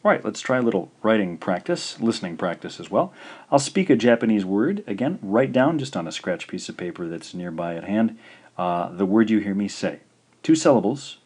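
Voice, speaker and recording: A man teaching in a recorded video lesson, patient and slow, saying each syllable out clearly. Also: lowish voice, sing-song, darkish tone. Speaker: language teacher.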